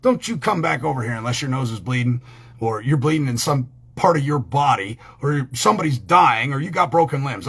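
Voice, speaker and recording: A man's voice: medium pitch, animated, a little fast, fairly bright tone, breathy edge. A man hosting a channel, giving a crude, rambling, heated rant full of swearing. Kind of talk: profane ranting talk.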